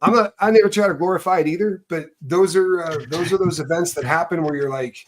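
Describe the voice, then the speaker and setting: A man, host of an online call, telling a story in rambling casual chat that swings between loud bursts and low mutters. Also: fast, slight background noise. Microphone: video call.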